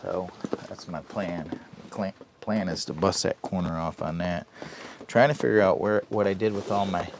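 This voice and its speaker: A man's voice: sits low, steady tone, normal speed, vocal fry, background noise. A man in a heated tent in the rain, chatting casually with viewers and greeting them by name while he whittles wood. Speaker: camping vlogger. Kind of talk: casual live-stream chat.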